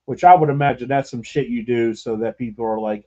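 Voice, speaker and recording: A man's voice: mid-range voice, a little fast, mellow, lo-fi sound. A man hosting a podcast, telling a rambling, profane story with laughter in casual chat. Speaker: podcast host.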